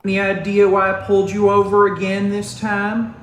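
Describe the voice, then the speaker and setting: Stern traffic cop acted by a man, dry and scolding, fairly high voice, echoey room. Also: monotone, moderate pace, a bit bright.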